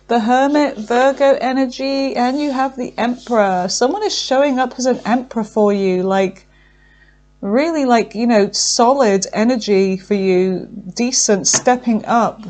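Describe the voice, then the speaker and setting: A woman's voice: a little high, a little slow, a little mellow, slight background noise. A woman giving a tarot card reading, effusive and emotional, thinking aloud with frequent fillers. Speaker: tarot reader.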